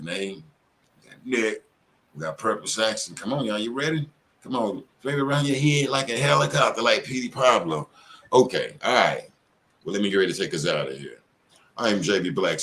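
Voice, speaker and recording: A man's voice: sits low, a bit bright. A middle-aged man hosting a casual live stream, talking in a loose, slangy, profane and rambling way.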